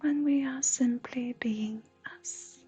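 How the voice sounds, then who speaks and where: A woman from Sweden, a streamer and intuitive counselor chatting softly with viewers, often slipping into a breathy whisper. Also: high voice, steady tone, slow, faint music behind. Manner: soft, often drifting into a breathy whisper, laughs often. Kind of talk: live stream chat with viewers.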